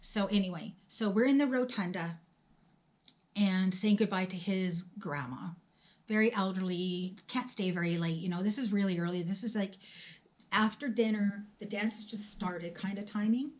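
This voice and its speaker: A woman's voice: mid-range voice, normal speed. A middle-aged woman telling a personal story to her viewers from home in a casual storytime vlog. She talks in a chatty, emphatic way and speaks straight to her audience.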